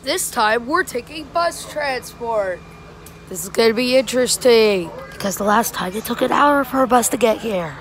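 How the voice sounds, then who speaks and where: A woman vlogging casually from a theme park and hotel, excitable and quick to shriek and laugh, filming on a handheld camera. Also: a little high, a little hiss or hum. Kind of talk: casual travel vlog. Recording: theme park crowd and music behind.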